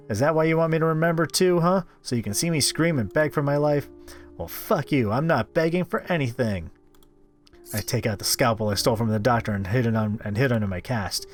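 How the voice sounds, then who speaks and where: A man reading a visual novel aloud as a game host, expressive with wry asides. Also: mid-range voice. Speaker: let's-play host.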